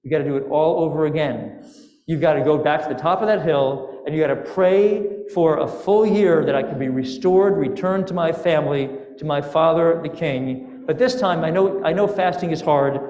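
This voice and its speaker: A man voicing a young princess from a fairy tale, hurt and insistent as she orders her minister back up the hill. The voice sits fairly high and rings out in an echoey hall with a long reverb tail. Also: moderate pace, darkish tone, close to an everyday voice. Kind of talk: sermon storytelling.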